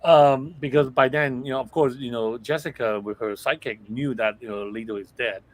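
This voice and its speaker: A man's voice: mid-range voice, normal speed. A man appearing as a guest on a casual live movie review chat, talkative and agreeing constantly. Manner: chatty, agrees constantly with yeahs.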